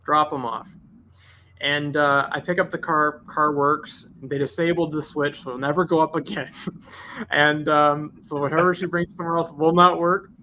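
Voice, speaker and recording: A man's voice: on the high side, moderate pace, slight background noise. A man, a detailing shop owner telling a long story on a podcast and acting out both sides of the dialogue. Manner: animated, acts out both sides of conversations.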